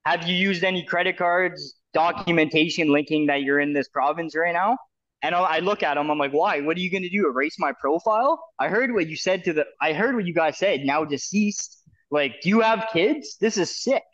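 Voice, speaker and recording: A Canadian man, guesting on a casual storytelling show, rambles through a long personal story full of fillers and restarts, acting out what others said to him. His voice is a little high, brisk and slightly bright, with highs cut off.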